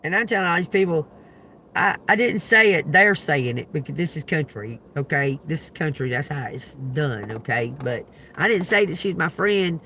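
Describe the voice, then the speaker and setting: High, gravelly man ranting. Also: normal speed, a little hiss or hum. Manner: profane, animated storyteller with loud outbursts. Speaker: tarot reader livestreamer. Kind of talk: casual livestream rant.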